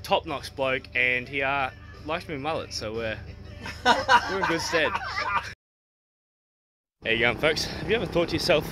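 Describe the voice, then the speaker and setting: An Australian man casually vlogging into his phone at an outdoor festival, chatty and quick to swear and laugh. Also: medium pitch, expressive, loud music behind the voice. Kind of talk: casual selfie vlog. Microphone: phone held at arm's length.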